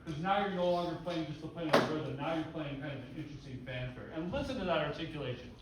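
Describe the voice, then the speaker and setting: In a large, echoey rehearsal room, a man working as a band clinician gives instructions, counts off, and sings rhythms on syllables. His voice is fairly high and fast, caught by a distant mic over heavy noise from the band playing.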